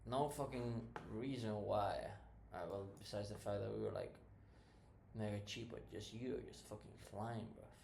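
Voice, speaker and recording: A man's voice: lowish voice, moderate pace, vocal fry, a little mellow, slight background noise. Slangy, swearing man. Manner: slangy and profane, says "bruv" constantly. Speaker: trader reviewing charts. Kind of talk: casual screen-recorded trading commentary.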